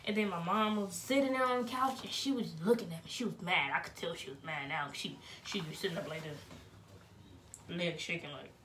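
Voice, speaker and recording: A young woman casually telling a personal story in an animated, dramatic way. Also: fairly low pitch, fairly quick, a little hiss or hum. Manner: animated, dramatic, laughing retelling.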